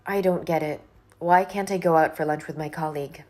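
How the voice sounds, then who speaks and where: An actress playing a young office worker who firmly and politely pushes back against a colleague. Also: female voice, low-pitched, fairly even intonation, a little fast, a little mellow, soft background music, natural voice. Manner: firm, exasperated, polite refusals. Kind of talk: scripted dialogue drama.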